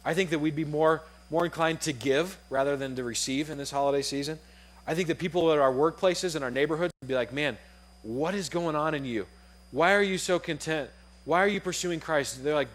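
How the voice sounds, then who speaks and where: A man's voice: fairly high pitch, fairly quick. Casual young male preacher telling a story. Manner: casual, animated, acts out dialogue in the story. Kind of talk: sermon storytelling.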